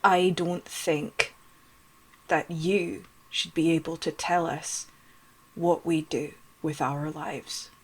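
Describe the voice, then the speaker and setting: A woman voicing a surly young man who speaks slowly and stubbornly, raw and defiant. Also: sits low, steady tone, slightly rough, heavily acted.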